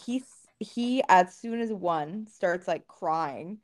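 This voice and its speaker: Woman podcast co-host, frank and profane, slightly low voice, lively retelling. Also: slow pace. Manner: candid, swears freely, animated retelling. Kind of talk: casual podcast conversation.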